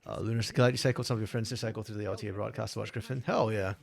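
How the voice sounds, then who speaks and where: A man's voice: on the low side, fairly even intonation, racing, creaky. A man co-streaming an esports match, talking in a chatty, laid-back way and answering chat. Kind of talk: casual live-stream commentary.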